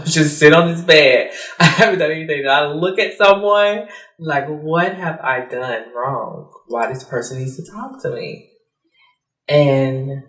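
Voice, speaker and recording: A woman giving personal testimony in a soft, hesitant way, with many fillers, acting out the lines of others as she recounts. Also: rumbling low. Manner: acts out quoted dialogue. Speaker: interviewee. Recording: roomy, mic at a distance.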